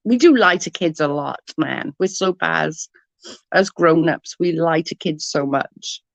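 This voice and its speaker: A woman's voice: sits low, unhurried, gravelly, dry recording, muffled recording. A woman, telling rambling stories with lots of giggles as she chats with her livestream viewers. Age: 40s. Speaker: livestream host. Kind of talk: casual chat with viewers.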